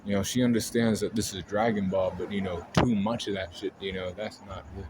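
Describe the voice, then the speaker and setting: A man's voice: deep voice, steady tone, a little fast, background noise. A man casually rambling through an anime ranking, full of fillers and swearing. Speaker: anime video host. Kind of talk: casual chat.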